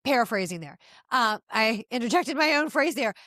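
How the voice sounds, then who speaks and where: A middle-aged woman hosting a podcast, giving opinionated casual commentary in an animated, exasperated rant with frequent asides. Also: fairly high pitch, moderate pace, no room sound, studio quality. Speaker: podcast host.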